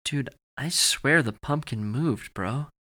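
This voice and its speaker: A man voicing a brash, teasing teenage boy who talks loudly and mockingly, saying "dude" and "bro" a lot. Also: mid-range voice, slow pace, voice pushed up.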